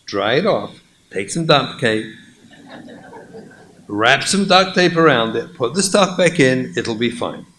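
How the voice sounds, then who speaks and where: A man voicing a calm, capable young wife who talks her husband through a crisis with soothing instructions. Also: medium pitch, a little slow, pauses often, slight background noise.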